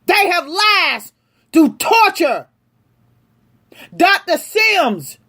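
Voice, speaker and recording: A woman delivering an impassioned, angry rant straight to her audience, speaking forcefully. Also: sits high, very animated, takes it slowly. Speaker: vlogger. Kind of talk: impassioned direct-to-camera rant.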